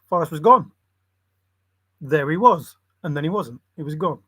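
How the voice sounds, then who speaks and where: A man's voice: on the high side, normal speed, pauses often, fairly bright tone, no room sound. A man hosting a livestream, muttering loose word associations and breaking into bits of song. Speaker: livestream host.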